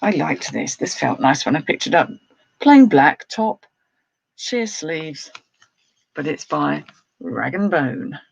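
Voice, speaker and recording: A woman's voice: sits low, very animated, slow pace, creaky, pauses often, no room sound, muffled recording. A woman who resells clothes, chatting casually on a live stream, laughing often and reading out viewer comments. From United Kingdom. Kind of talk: casual live-stream chat while showing items.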